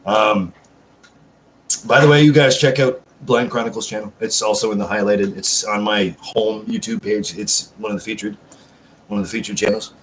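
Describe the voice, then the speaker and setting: A man's voice: fairly low pitch, slight background noise. A man hosting a live stream at home, chatting casually with viewers, rambling and swearing constantly while answering chat messages. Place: at home, seated.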